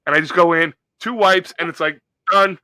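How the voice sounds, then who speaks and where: Bright, sharp-toned man ranting. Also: on the high side, moderate pace, dry recording. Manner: profane, animated ranting with comic voices. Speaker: podcast co-host. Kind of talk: casual chat.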